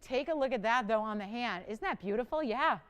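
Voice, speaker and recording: A woman hosts a live jewelry sales show from a TV studio, chatty and enthusiastic as she pitches rings and greets callers. Her voice sits a little high and comes across smooth and clear. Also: expressive, fairly quick. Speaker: shopping channel host.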